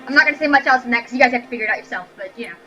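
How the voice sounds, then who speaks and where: High bright woman, giggly game helper. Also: rapid-fire, dull audio, soft background music. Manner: giggly, loose and joking. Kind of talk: casual chat during a tabletop game.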